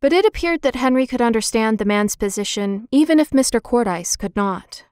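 A woman narrating a children's chapter book in a clear, gentle, expressive reading. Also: a little high, brisk, dry recording, clean studio sound. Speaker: audiobook narrator. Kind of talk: scripted storybook narration.

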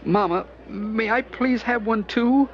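A man voicing an eager, hungry little boy with a high, pleading voice in a storybook reading. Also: takes it slowly, slight background noise. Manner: excited, high squeaky pleading. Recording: dull lo-fi with music behind.

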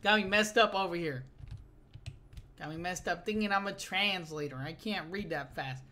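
A young man giving casual let's-play commentary on a horror game, excitable and jumpy, calling everyone "bro" and yelling when startled. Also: sits high, moderate pace. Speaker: gaming YouTuber.

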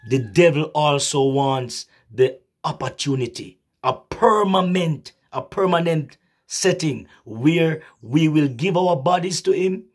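A man preaching a sermon slowly and emphatically, repeating phrases, with a husky voice and an occasional cough. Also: mid-range voice. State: coughing, clearing throat.

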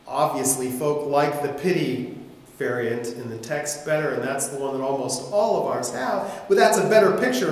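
A man preaching a sermon as pastor, telling the story with animation and slipping into voices, recorded in a church with heavy echo. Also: fairly high pitch. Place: church sanctuary. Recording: echoey hall reverb.

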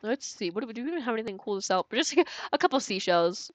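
A woman's voice: on the high side, lively intonation, rapid-fire, no echo. A young woman streaming a video game, chatting casually and giggling while she plays and talks to her chat. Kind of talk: casual gameplay commentary. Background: faint game music.

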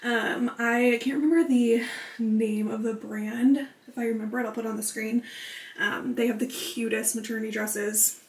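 Young woman, slightly higher voice, chatty vlog at home, kinda out of breath, echoey room. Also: steady tone, moderate pace. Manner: bubbly, filler-heavy, talking to camera. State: out of breath from pregnancy. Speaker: vlogger. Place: home, indoors. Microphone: camera mic.

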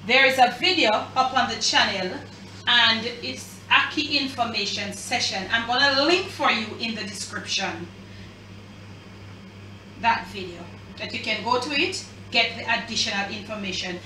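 A woman with a Jamaican accent hosts a home kitchen cooking show, walking viewers through a recipe in a chatty, emphatic, casual manner. Her voice is on the high side, moderately paced and sharp, recorded roomy and distant with slight hiss or hum.

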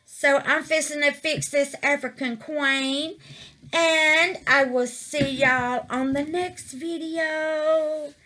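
A woman's voice: high-pitched, steady tone, takes it slowly, bright, forceful tone. A woman gushing over her resin craft in a casual vlog, calling her viewers baby and y'all.

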